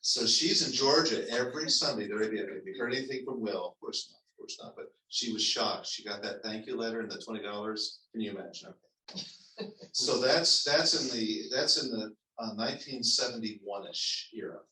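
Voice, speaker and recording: Echoey pastor telling a story. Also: male voice, lowish voice, bright, forceful tone. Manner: conversational, halting with restarts and laughs. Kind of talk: storytelling sermon. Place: church sanctuary. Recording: echoey church hall, mic at a distance.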